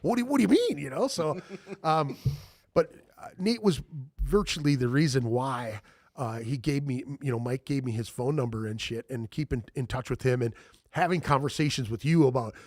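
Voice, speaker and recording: A man's voice: medium pitch, normal speed, darkish tone, no room sound, clean studio sound. A man hosting a podcast in casual chat, talking loosely with lots of swearing and fillers. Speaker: podcast host.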